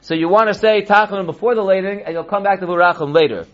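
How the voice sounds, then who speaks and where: High-voiced man teaching a text class. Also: fairly bright tone. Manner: reads the Hebrew slowly, then translates in a plain explaining tone. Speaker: rabbi teaching halacha. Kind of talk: text-based Torah class. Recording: dull lo-fi recording.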